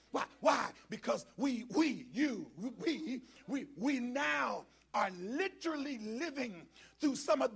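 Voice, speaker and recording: A man preaching as a bishop, with call and response to the congregation, swinging from low muttered asides to shouted preaching. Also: lively intonation, measured pace, creaky, breathy edge. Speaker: bishop preaching as guest speaker. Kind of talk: black church sermon with call and response. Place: church sanctuary with congregation.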